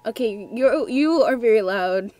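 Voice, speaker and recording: A woman's voice: fairly high pitch, animated, unhurried, mellow. A young woman playing a scary game at home, talking nervously and giggling to herself. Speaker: gamer. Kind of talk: let's play commentary.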